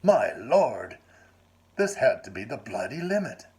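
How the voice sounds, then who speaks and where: A man reading his own first-person story aloud in a measured, wry and formal manner. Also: medium pitch, very animated, darkish tone.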